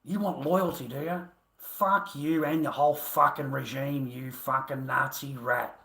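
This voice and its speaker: A man's voice: medium pitch, steady tone, a little slow, gravelly, bright, forceful tone, echoey room. An Australian man livestreaming an angry, profane, combative rant at his viewers.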